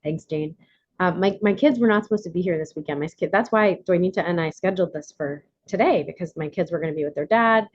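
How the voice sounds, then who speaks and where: A woman's voice: lowish voice, fast, dry recording, dull audio. A woman leading an online workshop, sharing candidly with many fillers and restarts. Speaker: workshop leader.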